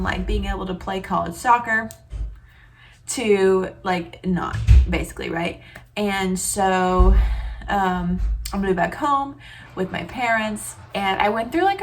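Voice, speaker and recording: A woman's voice: medium pitch, a little hiss or hum. A woman in her twenties vlogging casually from her home kitchen, chatty and emotional, full of fillers. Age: 20s. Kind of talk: casual vlog chat. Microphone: camera on tripod.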